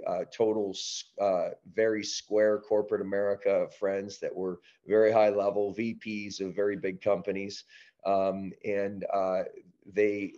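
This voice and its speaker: A man from Canada, a guest in a casual interview, recounts a story in an animated way, often restarting his sentences and leaning on "you know." His voice sits on the low side. The audio is muffled and lo-fi. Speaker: podcast guest, breath-work business founder.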